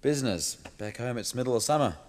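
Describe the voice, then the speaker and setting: An actor playing an upbeat visitor in a hall. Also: male voice, mid-range voice, lively intonation, fast talker, a little mellow, lightly acted. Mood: friendly. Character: cheerful visiting businessman. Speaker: actor in a TV drama. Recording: reverberant hall.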